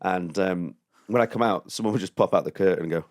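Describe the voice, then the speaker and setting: A man's voice: low-pitched, fast talker, no echo, studio quality. A male comedian telling a long story on a podcast, laughing and acting out other people's lines in raised voices. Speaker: comedian guest. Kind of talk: casual podcast chat, storytelling.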